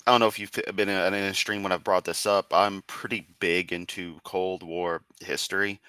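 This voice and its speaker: A man's voice: deep voice, little pitch movement, moderate pace, pushed and bright, clean tone, dry recording. A man streaming casual commentary, sarcastic and teasing, often breaking into laughter. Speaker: streamer reacting to a video.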